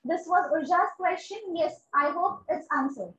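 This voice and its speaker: Indian English teacher, woman, very high voice, roomy dull lo-fi sound, keeps saying very good. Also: animated, normal speed, a bit bright, a little hiss or hum. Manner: encouraging, repeats "very good" and "amazing". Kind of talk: online exam-prep class.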